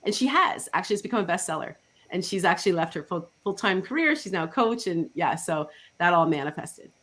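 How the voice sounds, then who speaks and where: A woman life coach appearing as a talk show guest chats casually in a fairly low voice, speaking a little fast. She tells animated client stories, acting out the quotes.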